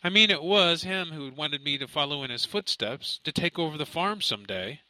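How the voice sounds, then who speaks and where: A man's voice: fairly high pitch, lively intonation, normal speed, bright, forceful tone, no echo, pitched above the performer's own voice, rough recording. A man voicing a frightened, tearful young man. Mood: downcast. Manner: pleading, shaky, near tears. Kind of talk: audiobook character voice.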